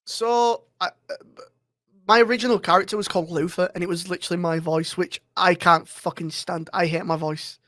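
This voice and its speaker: A man's voice: high voice, steady tone, fairly quick, fairly bright tone, no room sound. A man talking as a roleplay streamer guest in a casual interview, rambling and swearing freely.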